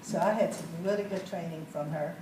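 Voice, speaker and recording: A woman's voice: on the low side, fairly quick, noisy background. Give me a folksy woman speaking to a group, heard far off in a roomy space. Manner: folksy, chatty, asks the audience questions. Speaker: sales manager telling her story. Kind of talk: storytelling talk to a group. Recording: echoey room, mic far off.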